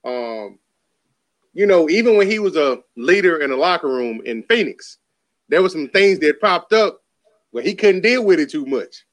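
A man talks basketball in a loose podcast conversation. His voice sits a little high, and he leans on "you know" fillers as he goes. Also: moderate pace. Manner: relaxed, filler-heavy talk with frequent "you know". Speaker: podcast co-host. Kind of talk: casual basketball chat.

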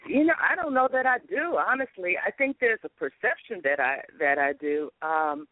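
A woman's voice: medium pitch, normal speed, no room sound. A woman from Los Angeles, a guest author and comedy writer, speaking candidly and expressively in a talk-show interview, often laughing. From Los Angeles, USA. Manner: lively, laughing, expressive, testimonial. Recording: tinny phone-line sound.

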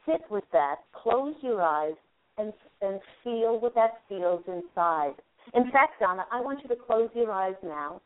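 A woman radio host giving a call-in angel card reading, gently guiding the caller through a visualization. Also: mid-range voice, lively intonation, unhurried. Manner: soothing, guiding, talks listener through a visualization. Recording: narrow phone-line sound.

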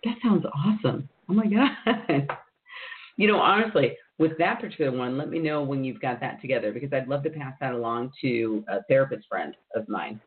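A man's voice: mid-range voice, a little fast. A man hosting an interview show, chatting easily and affirming his guest over a tinny phone line. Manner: chatty, with steady affirming murmurs. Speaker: podcast host. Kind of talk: casual interview chat.

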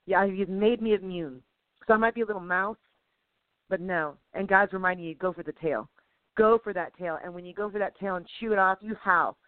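A woman co-hosting a casual faith podcast, exhorting listeners in a lively, preachy way. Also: medium pitch, fairly quick, dry recording, phone-quality sound. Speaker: co-host.

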